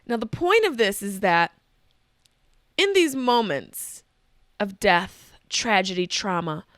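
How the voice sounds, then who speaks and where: A woman hosting a podcast, telling a comic story in a profane, animated way and often interrupting herself. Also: medium pitch, takes it slowly, no echo, clean studio sound. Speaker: podcast host. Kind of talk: comedic storytelling monologue.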